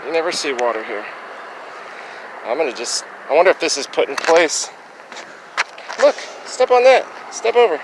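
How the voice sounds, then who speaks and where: A man's voice: on the high side, sing-song, moderate pace, long pauses, background noise. A young man chatting to the camera on an outdoor walk, self-mocking and a little winded. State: out of breath on a hill. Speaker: vlogger. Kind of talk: casual outdoor vlog. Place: outdoors by train tracks and a hill. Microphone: handheld action camera.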